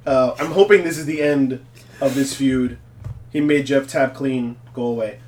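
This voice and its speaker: A man's voice: mid-range voice, normal speed, darkish tone, a little hiss or hum. A man hosting a casual wrestling recap, joking and laughing often. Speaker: podcast host.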